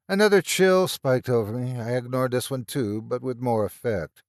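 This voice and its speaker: Male horror narrator, tense, gravelly, lively intonation, dry close recording. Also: mid-range voice, moderate pace, few pauses, no room sound. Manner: tense, dramatic storytelling.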